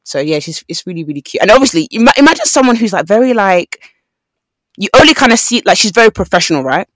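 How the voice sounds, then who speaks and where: Talking fast in a medium pitch, a young podcast co-host tells animated stories during casual chat, performing the quotes herself. The sound is dry.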